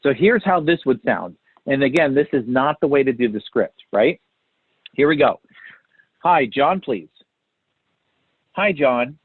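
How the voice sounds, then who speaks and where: A sales call trainer coaches appointment setters through a call script in a recorded training talk, often checking in with "right?" and "okay?" His medium-pitched, animated voice moves at a moderate pace with a breathy edge. The dry recording sounds tinny, almost like a phone.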